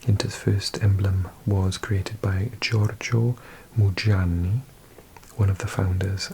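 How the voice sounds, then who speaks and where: A man with a Welsh accent, hosting an ASMR video and reading aloud in a slow, hushed mix of whisper and soft speech. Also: low voice, vocal fry, slight background noise, poor audio. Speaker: ASMR host.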